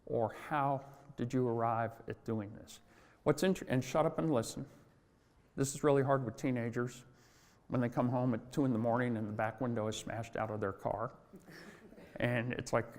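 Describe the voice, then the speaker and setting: A middle-aged man tells stories at a convention in an easygoing, self-deprecating way. His voice sits at an ordinary pitch. The sound carries the long reverb of a large hall. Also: a little mellow. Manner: chatty, self-deprecating, laughs at own jokes. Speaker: speaker at a convention. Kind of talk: conference talk with anecdotes.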